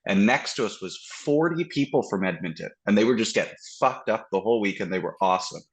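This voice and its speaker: A man from Canada in casual comedic chat on a podcast, swearing a lot and mocking people with quick put-on voices. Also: lowish voice, animated. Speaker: podcast guest.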